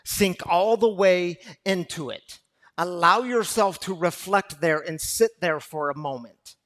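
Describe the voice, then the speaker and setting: A man preaching a sermon to a recovery gathering, impassioned and repetitive, swinging from loud to hushed. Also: high-pitched, a little slow. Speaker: pastor.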